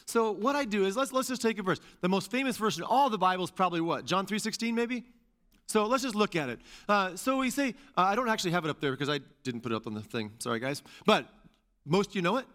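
This male pastor speaks quickly in a high voice. His sermon is animated and chatty, full of repeated lines for emphasis and casual side comments.

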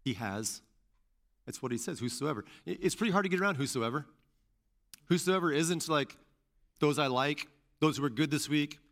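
A man preaching a sermon as pastor and teacher, repeating key phrases and rising to loud stresses. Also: fairly high pitch, lively intonation, moderate pace, pauses often.

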